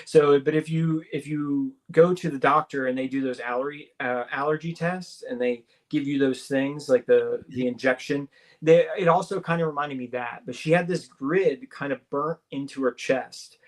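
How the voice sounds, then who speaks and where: A man's voice: medium pitch, normal speed. A man, a radio show guest, telling a story casually and acting out the dialogue, with many restarts.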